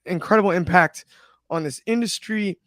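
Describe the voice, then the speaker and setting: A man hosting a podcast who talks in a subdued way, halting with many fillers. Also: high-pitched, fairly bright tone, no room sound, studio quality. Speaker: podcast host. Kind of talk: casual podcast talk.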